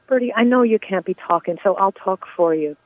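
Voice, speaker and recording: A gentle older sister speaks softly to her dying brother, as a woman reads her lines from a play. The reading is tender and reassuring, with no put-on accent. It comes down a thin, tinny phone line. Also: medium pitch, a little fast, no echo, natural voice. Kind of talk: reading a play monologue aloud.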